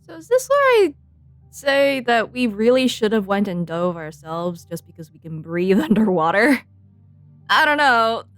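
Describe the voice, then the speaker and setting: A woman's voice: fairly high pitch, very animated, a little slow, no room sound. A woman streamer giving playful, giggly commentary while she plays a game and talks back to the characters. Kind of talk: casual gameplay commentary. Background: faint game music.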